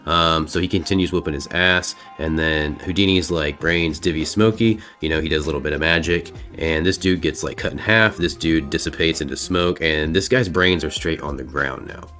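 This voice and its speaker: A man with an extremely deep, low voice recaps a comic book in loose, rambling narration. He talks casually, full of fillers and the odd swear word, with faint music underneath. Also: moderate pace, few pauses, sharp tone.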